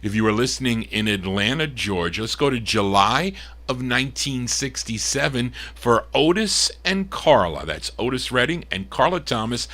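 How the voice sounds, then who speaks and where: A man hosting a live record show, chatting between songs and pausing on fillers as he gives details. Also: medium pitch, lively intonation, sharp tone. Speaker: radio-style record show host.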